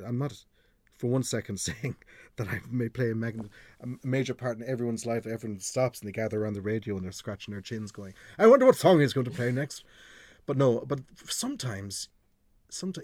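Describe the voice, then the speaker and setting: Irish male radio presenter, middle-aged, low-pitched, frank and chatty, close dry sound. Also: darkish tone, dry recording. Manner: chatty, frank, swears freely. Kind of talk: podcast conversation, storytelling.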